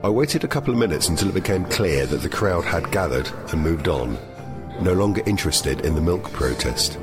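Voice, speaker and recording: A man with a very deep voice narrates a comic story in a flat, deadpan way. Music plays clearly behind his steady, measured delivery. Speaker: host and narrator. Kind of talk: scripted deadpan comic monologue.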